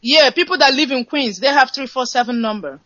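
A woman's voice: sits high, fairly quick, a bit bright, no echo. A woman calling in to a radio show, speaking casually with some hesitation. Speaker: caller. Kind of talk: phone-in call. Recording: dull lo-fi call line.

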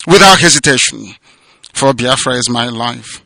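A man delivering an impassioned political radio address, declamatory and sermon-like, swinging between loud proclamations and hushed emotional passages. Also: mid-range voice, fairly even intonation, unhurried, no room sound. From southeastern Nigeria. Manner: repetitive, sermon-like cadence. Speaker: radio broadcaster and movement leader. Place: abroad, away from home.

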